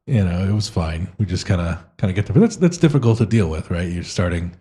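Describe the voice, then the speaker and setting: Husky, hesitant man chatting. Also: deep voice, animated, fast talker, warm tone. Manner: hesitant, self-deprecating, many restarts. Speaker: podcast co-host and game master. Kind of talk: casual chat.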